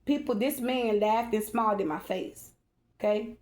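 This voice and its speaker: A woman's voice: on the high side, normal speed, darkish tone, echoey room. A woman who reads tarot, talking emotionally and at length to her followers, emphatic and rambling, calling out to her listeners again and again. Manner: emphatic, rambling, repeatedly addressing listeners directly. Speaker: tarot reader and vlogger. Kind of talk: emotional personal monologue to followers.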